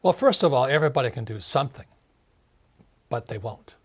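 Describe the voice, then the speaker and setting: A man's voice: medium pitch, lively intonation, a little fast, breathy edge. A man in his seventies, an author being interviewed, ranting emphatically, repeating words and mimicking others. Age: 70s. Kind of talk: animated interview talk.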